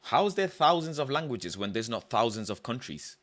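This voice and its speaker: A young man hosting a casual livestream, thinking out loud in an animated way and breaking into loud shouts. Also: mid-range voice, normal speed, no echo. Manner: animated, musing aloud, loud shouted bursts. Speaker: livestream host.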